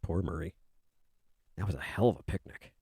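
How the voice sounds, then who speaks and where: Seated at a desk indoors, a man streams his art and chats casually, rambling and joking in his own voice as though he were a kobold. His voice is low-pitched, mellow and slightly rough at a normal speed, recorded dry with clean studio sound.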